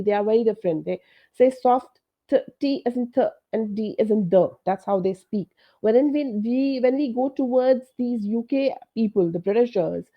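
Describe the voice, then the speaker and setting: A woman's voice: on the high side, dull audio. Indian-accented woman coaching pronunciation. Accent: Indian English. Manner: explanatory, frank, uses many fillers like "you know". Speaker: English pronunciation trainer. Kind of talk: online coaching session.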